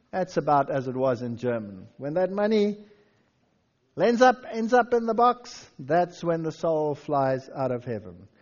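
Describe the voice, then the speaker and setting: A man giving a lively history lecture, telling stories and reading old quotations aloud with dramatic flair. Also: high voice, muffled recording.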